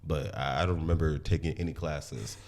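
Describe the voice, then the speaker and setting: Deep-voiced Nigerian-born man, blunt and emphatic. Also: fairly even intonation, fairly quick, darkish tone. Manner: emphatic, blunt and profane, often asks "you know what I'm saying?". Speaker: podcast host. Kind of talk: casual podcast conversation.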